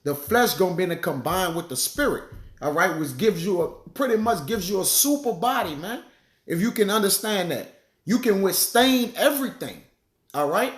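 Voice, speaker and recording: A man giving a casual sermon, chatting loosely and reading Bible verses slowly while he hunts for passages. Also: high-pitched, animated, roomy sound. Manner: conversational, peppers lines with "man" and "all right"; reads verses slowly, searches aloud for passages. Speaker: bible teacher.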